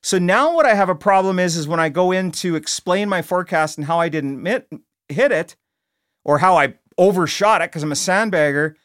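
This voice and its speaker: A man's voice: sits high, moderate pace, no echo, clean studio sound. Blunt, colloquial middle-aged male podcast host. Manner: blunt, colloquial, animated, repeats words. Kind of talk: casual podcast monologue. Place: recording studio.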